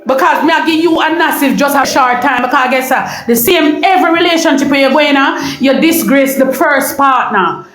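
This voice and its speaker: A middle-aged woman with a Jamaican accent ranting on a live stream, loud and confrontational, repeating herself and breaking into shouts. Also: sits high, a little fast, few pauses, roomy sound, soft background music, poor audio. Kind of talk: heated live-stream rant.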